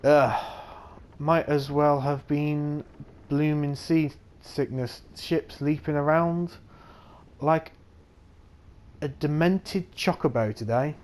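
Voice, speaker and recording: A man voicing a friendly, folksy male merchant on a ship, reading his lines in a slow, halting way. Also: on the high side. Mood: chatty.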